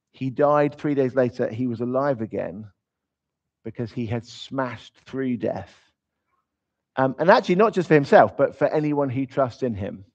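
A man's voice: medium pitch, darkish tone. Man preaching a casual, emphatic sermon. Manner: informal and emphatic, with humorous asides. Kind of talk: conversational sermon. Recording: slightly dull, lo-fi sound.

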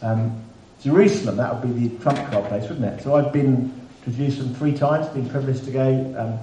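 Male preacher, chatty sermon delivery with wry humour, mellow tone, roomy echo from a distant mic. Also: medium pitch, fairly quick. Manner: conversational, self-deprecating humour. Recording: echoey room, mic at a distance, faint background hiss.

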